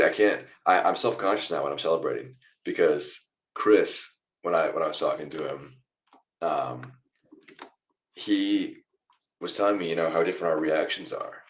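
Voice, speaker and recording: This is a young man with a remarkably deep, low voice, hosting a live football watchalong stream. He talks casually to his viewers and walks through each play as he watches. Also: moderate pace. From United States. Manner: chatty, reacts loudly to goals then explains calmly. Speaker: watchalong host.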